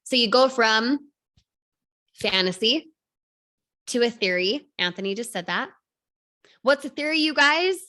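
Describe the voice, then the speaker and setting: A woman in her thirties coaching an online class, energetic, firing rhetorical questions at the audience. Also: on the high side, unhurried, long pauses. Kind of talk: motivational class talk.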